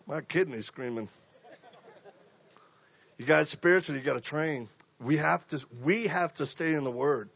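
A man preaching a sermon, telling stories and acting out voices, swinging from quiet to loud. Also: fairly high pitch, moderate pace, gravelly, long pauses, breathy edge, lo-fi sound.

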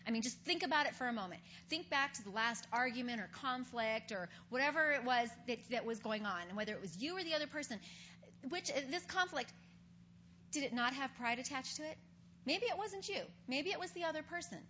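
A woman's voice: high-pitched, expressive, a little fast, bright, forceful tone. A woman giving a conversational Bible teaching, earnestly retelling scripture stories in everyday speech. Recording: dull recording with faint hum.

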